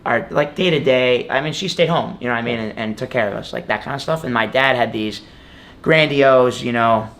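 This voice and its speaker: A young man in his twenties tells a long story in a relaxed sit-down interview. He rambles, restarts often and fills the gaps with "like" and "you know." His pitch sits in an ordinary middle range. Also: a little fast. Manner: rambling, filler-heavy storytelling with many "like"s. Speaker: guest wrestler. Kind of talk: casual interview.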